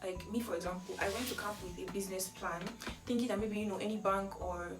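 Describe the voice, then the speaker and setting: A young Nigerian woman talks through a casual vlog story in a chatty, animated way. Her middle-pitched voice sits a little back from the mic in an echoey room. Faint music plays underneath. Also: quick pace, distant mic, background noise. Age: young adult. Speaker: vlogger.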